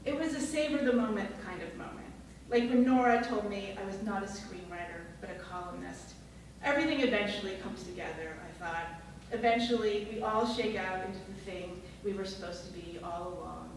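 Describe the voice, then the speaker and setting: A woman's voice: medium pitch, brisk, recorded from a distance, slight background noise. A woman reading a personal essay aloud to an audience at a live event, in a dry, wry way. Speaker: storyteller. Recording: echoey room, mic heard from afar.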